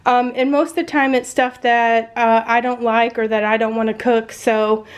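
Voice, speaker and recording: A woman's voice: a little high, level tone, normal speed. A woman with a congested voice, chatting casually to camera at home about her groceries, with lots of ums. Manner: chatty, many ums, self-deprecating. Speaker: family vlogger.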